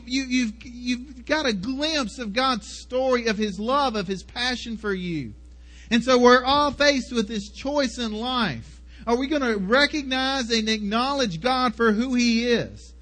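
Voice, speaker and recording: Preacher guy with a really high voice, stumbles and repeats words a lot. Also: bright, forceful tone. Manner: repeats words often, earnest. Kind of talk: sermon.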